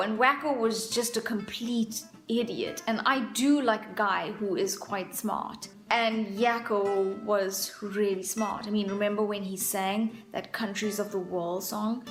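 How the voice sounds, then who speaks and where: A woman's voice: a little high, a bit bright. A young adult woman vlogger talking in a playful, self-mocking, chatty way. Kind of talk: casual comic vlog. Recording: echoey room sound.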